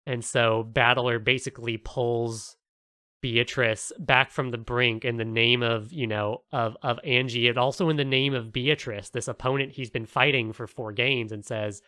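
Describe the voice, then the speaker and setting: A man co-hosting a podcast, excitedly retelling a story in casual talk and swearing a lot. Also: mid-range voice, moderate pace, no echo. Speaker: podcast co-host.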